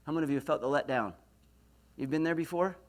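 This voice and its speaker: Energetic man telling a story on stage. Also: fairly high pitch, fast talker. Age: 40s. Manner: animated storytelling, rising to loud emphatic peaks. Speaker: motivational speaker. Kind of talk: lecture to an audience. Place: university lecture hall.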